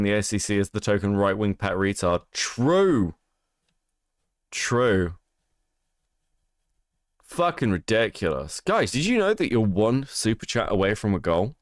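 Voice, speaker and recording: A man's voice: on the low side, smooth, no room sound, studio quality. A man co-hosting a livestream, mocking and profane, laughing often as he reads out donations. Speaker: podcast co-host. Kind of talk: livestream commentary.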